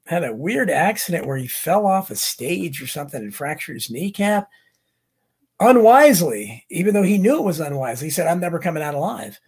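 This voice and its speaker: Man, middle-aged, from the US, husky voice, slightly high pitch, rambling livestream host, casual chat. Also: darkish tone. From United States. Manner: rambling, many restarts and asides. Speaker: livestream host reading viewer comments.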